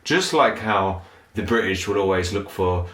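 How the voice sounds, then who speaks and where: Low-voiced man in a sweary comedy rant. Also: expressive, moderate pace, fairly bright tone, roomy sound. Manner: sweary, mocking, puts on brief voices of tourists. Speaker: comedic commentator.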